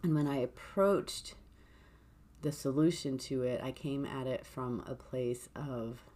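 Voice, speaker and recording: A woman hosting a podcast, talking through her thoughts in a gentle, reflective way. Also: very deep voice, a little slow. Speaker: podcast host. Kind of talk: reflective solo podcast talk.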